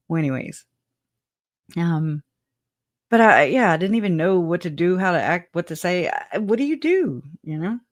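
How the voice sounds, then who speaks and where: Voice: mid-range voice, big pitch swings, unhurried, pauses often, no room sound, clean studio sound. A guest telling their side of a personal story in a casual, rambling way, laughing often, trailing off with "anyways" and answering live chat comments.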